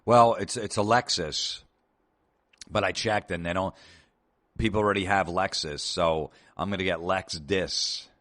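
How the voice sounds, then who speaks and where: A man's voice: low voice, fairly even intonation, measured pace, a bit bright. A man voicing a clueless, proud male car owner who whines defensively in a raised voice.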